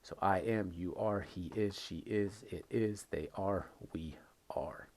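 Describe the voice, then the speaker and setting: A man with a fairly low voice leads a recorded English lesson. He talks patiently and keeps repeating the key phrases, leaning on them for emphasis. He sounds like a teacher walking students through the basics. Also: a little slow, a little mellow, a little hiss or hum.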